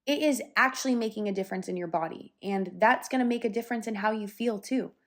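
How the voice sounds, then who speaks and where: A woman's voice: mid-range voice, quick pace. A young woman hosting a solo podcast, talking casually and candidly, with fillers and the odd swear word, a little out of breath. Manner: chatty and candid, with some swearing and lots of fillers. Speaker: podcast host.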